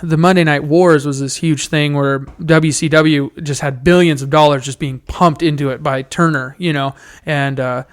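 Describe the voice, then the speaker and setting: Brief: young male podcast co-host, slightly high voice, excitable, swears a lot, casual chat. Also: moderate pace. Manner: excitable, swears freely, laughs loudly.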